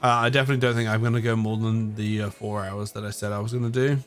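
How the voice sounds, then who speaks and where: A man's voice: on the low side, flat delivery, quick pace, faint music behind. A man with an English accent, from the United Kingdom, chatting casually on a live stream, tired, rambling and often chuckling at himself.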